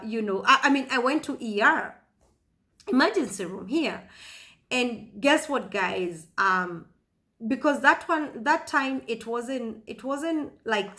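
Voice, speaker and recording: Woman, 30s, vlogger recounting her own story; bright tone, starts and restarts often. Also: on the high side. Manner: halting, many fillers and restarts. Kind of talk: personal storytelling.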